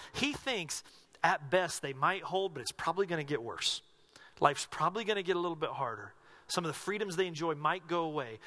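Guy preaching a sermon, pretty high voice, keeps firing earnest questions at the congregation. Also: pushed and bright. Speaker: pastor.

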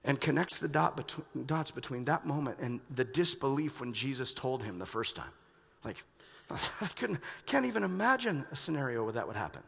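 Gravelly, bright-voiced man preaching. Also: mid-range voice, big pitch swings, moderate pace, hardly any pauses. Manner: swings between hushed, reflective passages and loud, urgent emphasis. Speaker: pastor. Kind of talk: sermon. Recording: long reverb of a large hall.

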